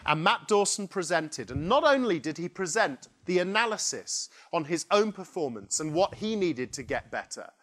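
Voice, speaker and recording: A man giving a conference keynote, telling a story in an animated way and acting out the people in it. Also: high voice, moderate pace, few pauses. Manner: animated, acts out quoted characters. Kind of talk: storytelling presentation. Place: conference hall.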